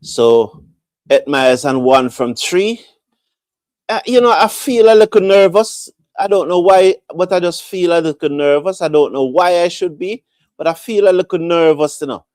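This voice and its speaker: A man giving repetitive, animated live fan commentary on a cricket match. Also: sits high, normal speed, no room sound, clean studio sound.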